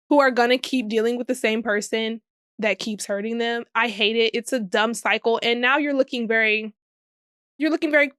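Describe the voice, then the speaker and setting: A young woman hosts her own solo podcast, chatting casually in a sassy, profane way and laughing often. Her pitch is fairly high and her tone fairly bright, and the recording is dry and close with almost no room echo.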